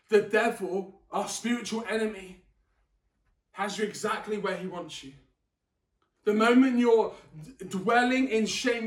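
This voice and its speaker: A man's voice: high voice, fairly bright tone. A man preaching a sermon in a conversational way, restarting words and asking the audience questions, in a church hall. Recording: echoey room, distant mic.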